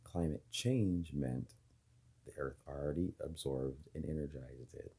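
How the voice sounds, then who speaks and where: Very deep, husky man rambling to camera. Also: unhurried, mellow. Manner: rambling, speculative, many fillers and restarts. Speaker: video host. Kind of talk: casual monologue to camera.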